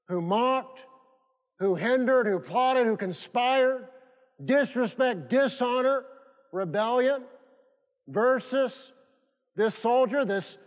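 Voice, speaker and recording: A pastor delivers a sermon in a high, light male voice, leaning on repetition and drawn-out pauses for emphasis. His words ring out through a church sanctuary with a long, lingering reverb.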